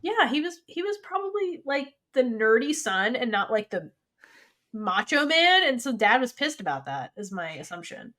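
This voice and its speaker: Brief: woman podcast co-host, chatty and animated, voice bouncing up and down, somewhat high. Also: moderate pace. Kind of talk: casual chat.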